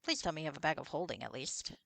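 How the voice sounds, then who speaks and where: A woman's voice: low voice, animated, very fast, creaky, a bit bright, no echo. A woman streaming a computer role-playing game, chatting casually, swearing and reading out the characters' lines. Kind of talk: casual let's-play chat with read-aloud dialogue.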